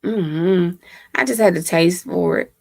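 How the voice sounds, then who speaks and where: A woman hosts a casual livestream from home and talks straight into her laptop microphone. Her voice has a gravelly fry and an easy, unhurried pace, and the sound is close and dry. She chats, teases and laughs a lot with her viewers. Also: fairly low pitch, darkish tone, no echo. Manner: laughs often, chatty and teasing. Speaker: livestream host. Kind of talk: casual live chat with viewers.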